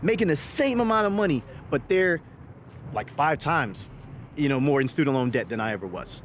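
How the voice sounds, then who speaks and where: A middle-aged man and vlog host in casual chat, talking bluntly with lots of profanity and animated emphasis. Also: a little high, normal speed, highs cut off, slight background noise.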